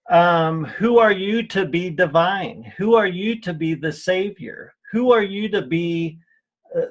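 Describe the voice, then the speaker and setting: A man being interviewed on a radio show, telling earnest personal stories with frequent restarts and repeated words. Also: high-pitched. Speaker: interview guest. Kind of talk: radio interview, spiritual healing talk.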